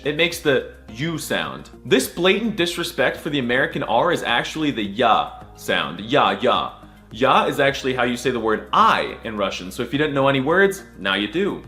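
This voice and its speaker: Brief: man, comedy video creator, mock alphabet lesson, very lively swooping pitch, faint music behind. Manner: sarcastic, jokey, drawn-out letter sounds.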